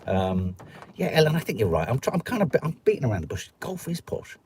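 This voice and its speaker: Fast-talking and fairly low, with wildly swooping pitch and a darkish tone, a middle-aged host speaks in Stoke-on-Trent English over a little hiss or hum. He rambles and jokes his way through viewer comments on a live stream, imitating whoever he quotes.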